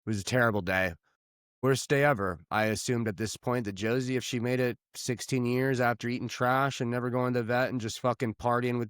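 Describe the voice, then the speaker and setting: A man's voice: mid-range voice, fairly bright tone, clean tone, no room sound, clean studio sound. A man from the United States co-hosting a podcast, chatting casually and telling stories in a joking, profane way. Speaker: podcast co-host. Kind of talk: casual chat.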